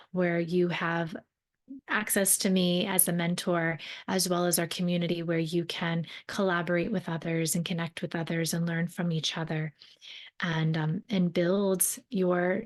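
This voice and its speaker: A young woman with a low-pitched voice hosts her own podcast in a reflective, earnest way. She talks conversationally, often rephrasing mid-sentence and adding fillers like "um" and "right?". The overall tone is that of a mentor speaking directly to listeners. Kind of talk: reflective solo podcast talk.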